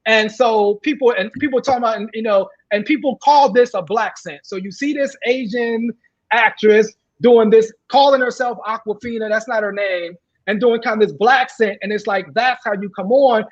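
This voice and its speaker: A woman co-hosting a podcast in a casual group chat, talking haltingly with many fillers and restarts. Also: a little high. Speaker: podcast co-host. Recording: dull lo-fi sound.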